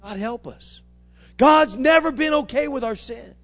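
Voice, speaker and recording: Pastor, man, high-pitched, fiery call-and-response preaching style. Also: unhurried, fairly bright tone, faint music behind. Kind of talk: sermon.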